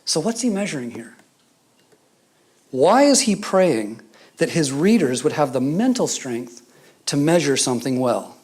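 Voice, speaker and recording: A man with a Scottish accent preaching a sermon, mixing scripture with humorous stories and hushed asides. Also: a little high, big pitch swings, unhurried, long pauses. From Scotland. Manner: storytelling with humor, drops to a whisper for emphasis.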